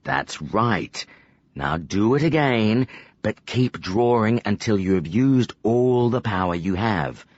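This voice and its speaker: A man voicing a stern older male magician who acts as a calm mentor, speaking in a slow, measured, commanding way. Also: lowish voice, no room sound, highs cut off. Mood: instructive.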